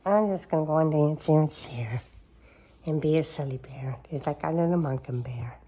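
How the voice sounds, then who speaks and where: A woman's voice: low-pitched, moderate pace, dark tone, breathy edge. A woman talking baby talk to her cats at home, cooing and sometimes whispering in a sing-song way. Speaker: cat owner filming her cats. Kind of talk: casual baby talk to pets. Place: home, at a table with coffee.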